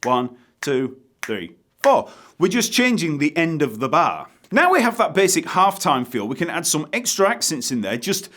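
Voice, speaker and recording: A man teaching a bass guitar lesson, counting beats aloud and explaining rhythms in a relaxed way. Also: moderate pace, few pauses. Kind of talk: online music lesson. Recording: bass guitar playing behind the voice.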